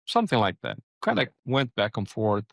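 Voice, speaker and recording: Low gravelly man hosting a podcast. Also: very animated, no echo. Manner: searching, halting, with many restarts and "like". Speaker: podcast host. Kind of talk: casual interview conversation.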